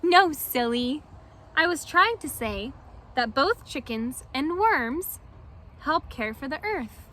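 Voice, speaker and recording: A woman voicing a gentle, proud little worm in a children's picture book read-aloud. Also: high-pitched, lively intonation, takes it slowly, heavily acted. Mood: friendly.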